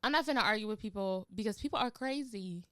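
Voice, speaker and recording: A woman hosting a podcast, telling stories in an animated way and using casual slang. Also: medium pitch, fast, dry recording, clean studio sound. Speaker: podcast host.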